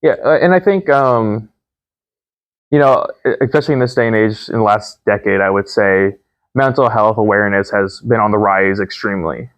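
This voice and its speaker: A young man in his twenties with a fairly low voice, talking candidly and thoughtfully. He pauses often with ums as he works through his thoughts. The recording is dry and close, with no room sound. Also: no room sound. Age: 20s. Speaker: podcast guest, son. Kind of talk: casual conversation.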